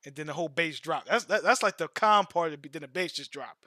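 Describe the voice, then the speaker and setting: Streaming and chatting casually, a man tells long, slangy stories, repeating words and making repeated false starts. His voice is on the high side, quick and sharp. The studio sound is clean, with no echo.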